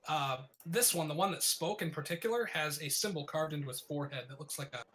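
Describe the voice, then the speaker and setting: A man narrating a tabletop game as game master, in vivid, descriptive narration with filler pauses. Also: a little high, a bit bright.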